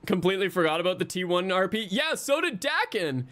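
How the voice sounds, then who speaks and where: Guy streamer rambling to chat, kinda high voice, cusses a bunch and mocks himself. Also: sing-song, a little fast, a bit bright, no room sound. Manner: rambling, swears often, self-mocking. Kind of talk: casual chat with stream viewers.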